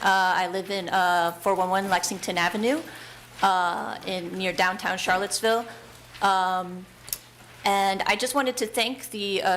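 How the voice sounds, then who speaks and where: A woman's voice: medium pitch, fairly bright tone, slight background noise. A woman giving an earnest, emotional public comment at a city council meeting, with hesitant fillers. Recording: echoey council chamber.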